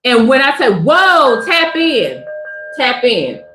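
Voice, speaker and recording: A woman hosting a casual spiritual livestream, talking in an expressive, chatty way to her viewers. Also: high voice, roomy sound, faint music behind, low-quality recording. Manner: expressive, chatty, drawn-out delivery.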